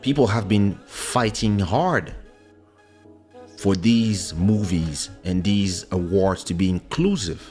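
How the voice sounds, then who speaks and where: A man's voice: takes it slowly, soft background music. A man hosting a podcast in casual chat, talking animatedly and acting out the people he quotes. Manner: animated, acts out quoted people with big pitch jumps. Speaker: podcast host.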